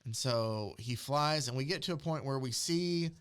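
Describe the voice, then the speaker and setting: A man's voice: medium pitch, normal speed, a bit bright, smooth. A man in casual chat, recapping a comic story and quoting its characters along the way. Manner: retells scenes and quotes characters in passing. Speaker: podcast co-host recapping a comic.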